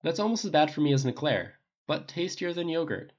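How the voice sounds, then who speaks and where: A man voicing a sardonic adult male genius inventor with a quick, blunt, wry way of talking, on a dull lo-fi recording. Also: a little high, big pitch swings, darkish tone, pitched above the performer's own voice.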